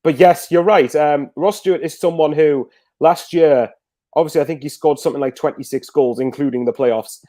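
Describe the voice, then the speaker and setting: A man's voice: on the high side, moderate pace, mellow, dry recording. A man chatting casually as a guest football fan, rambling with lots of fillers and restarts. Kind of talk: casual video call chat.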